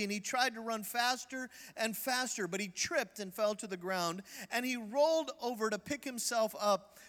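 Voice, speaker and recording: A man preaching as a visiting evangelist in a church, lively and calling for the crowd's responses. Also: very high voice, in a large hall. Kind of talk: sermon.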